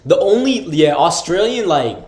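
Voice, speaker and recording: A man's voice: high voice, very animated, moderate pace, darkish tone. An American man co-hosting a casual podcast chat, speaking in a loose, slangy way with lots of filler words. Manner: laid-back slangy talk, lots of "like" and "bro". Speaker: podcast co-host. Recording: echoey room.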